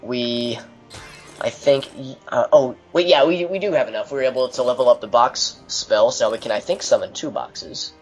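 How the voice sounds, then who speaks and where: A man commentating on his own video game playthrough, explaining mechanics in a steady, mildly dry way. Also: medium pitch, normal speed, faint music behind, low-quality recording. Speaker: gameplay commentator. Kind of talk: let's play commentary.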